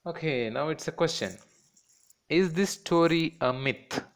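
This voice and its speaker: Slow, patient Indian English teacher, male. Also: fairly high pitch. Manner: slow, patient, repeats words syllable by syllable. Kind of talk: classroom lesson for children.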